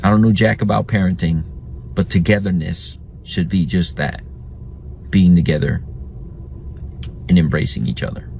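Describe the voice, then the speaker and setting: Low-voiced man telling family stories. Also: fairly even intonation, normal speed, creaky, pauses often, a little mellow, a little hiss or hum. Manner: chatty, reflective, laughs at his own stories. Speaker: podcast host. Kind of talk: solo storytelling podcast.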